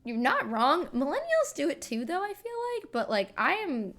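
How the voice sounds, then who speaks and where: A woman's voice: high-pitched, wildly swooping pitch, moderate pace, fairly bright tone. Rambling, self-mocking woman streamer. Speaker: livestream host. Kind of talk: casual chat reading stream comments.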